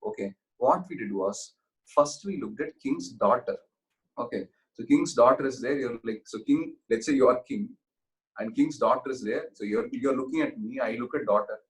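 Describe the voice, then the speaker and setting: A man's voice: medium pitch, normal speed, breathy edge. A man teaching an exam-prep class, telling stories and often checking that students follow. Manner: storytelling with frequent check-ins. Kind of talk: online exam-prep lecture.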